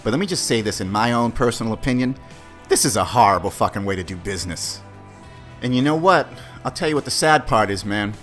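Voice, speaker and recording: A male podcast host tells a story about himself in a loose, profane way and keeps calling his listeners "guys." His pitch leaps around as he moves from shouted disbelief to quiet grumbling. Soft music plays faintly in the background. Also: animated, fairly quick. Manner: swings from shouted disbelief to low mutters. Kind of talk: casual storytelling monologue.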